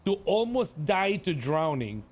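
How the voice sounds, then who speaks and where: Teasing man with a lively, high voice. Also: a little slow. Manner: teasing, mocking, talks over others. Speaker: roleplay gamer. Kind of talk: in-character roleplay banter.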